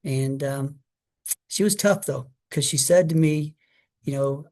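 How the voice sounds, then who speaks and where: A middle-aged man tells a childhood story in a relaxed, conversational way, with plenty of fillers and restarts along the way. His voice sits at an ordinary, medium pitch, and he slips briefly into higher quoted voices. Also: takes it slowly. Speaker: guest speaker. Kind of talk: personal story told to an audience.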